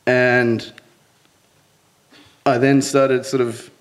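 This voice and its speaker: Brief: young man, storyteller, mid-pitched voice, earnest delivery with nervous laughs breaking through. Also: flat delivery, extremely slow. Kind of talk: personal storytelling monologue.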